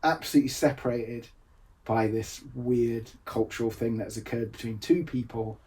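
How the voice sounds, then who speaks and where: A man's voice: mid-range voice, moderate pace. Man from England, casual podcast chat, laughs a lot, trails off, a bit far from the mic. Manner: animated, laughs often, trails off and restarts. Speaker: games designer and podcast co-host. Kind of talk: casual conversation. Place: home room, seen on camera.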